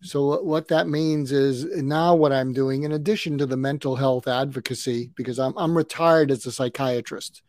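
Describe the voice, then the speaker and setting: A man in his mid-seventies, a retired psychiatrist turned conflict coach, calmly explaining techniques as a podcast guest and acting out sample dialogue. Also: mid-range voice, moderate pace, few pauses, dry recording. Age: 70s. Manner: calm, advice-giving, acts out sample dialogue.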